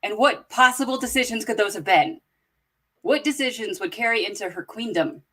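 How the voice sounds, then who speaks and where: A woman's voice: on the high side, expressive, moderate pace, sharp tone. A woman on a casual fan podcast, posing playful speculative questions. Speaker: podcast co-host.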